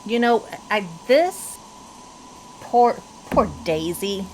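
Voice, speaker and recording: A woman's voice: mid-range voice, expressive, very slow, background noise. A woman playing a crew member in a tabletop game, making wry, joking asides. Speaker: player. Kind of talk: in-character tabletop role-play.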